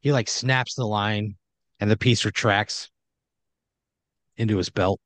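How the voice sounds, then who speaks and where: A man's voice: lowish voice, steady tone, takes it slowly, fairly bright tone, dry recording. A man improvising a comedic horror story in a loose, rambling way full of fillers.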